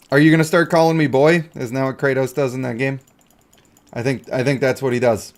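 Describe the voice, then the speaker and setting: A man's voice: medium pitch, fairly even intonation, a little fast. A male game streamer in casual live-stream commentary, chatty and joking as he talks to himself and his chat.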